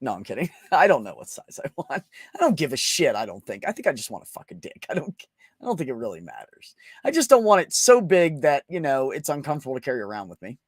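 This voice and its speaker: A man's voice: mid-range voice, wildly swooping pitch, quick pace, slightly rough, no room sound, clean studio sound. A young man hosting a casual livestream, crude and joking, laughing often as he reads chat. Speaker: livestream host.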